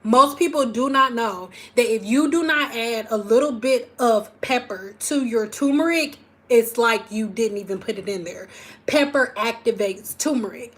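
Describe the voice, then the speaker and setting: A woman from Detroit, hosting a hair care livestream and chatting casually with viewers, animated and swinging from loud squeals to soft asides. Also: on the high side, normal speed.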